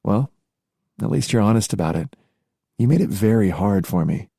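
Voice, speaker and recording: A man's voice: lowish voice, lively intonation, moderate pace, creaky, mellow, slightly rough, no room sound, studio quality, heavily acted. A man voicing a spirited young tiger princess in an audiobook, playful and eager. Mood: teasing. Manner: teasing, eager. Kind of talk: audiobook character voice.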